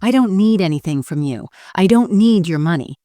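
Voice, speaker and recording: A woman's voice: fairly low pitch, expressive, normal speed, dark tone, no echo, natural voice. A woman voicing a teenage son who speaks with a trembling but strong voice, in a dry recording. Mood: defiant.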